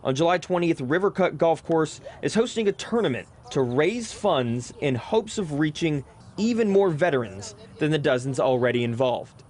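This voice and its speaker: Upbeat young male sports reporter, high voice. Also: lively intonation, normal speed, darkish tone. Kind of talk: broadcast news reporting.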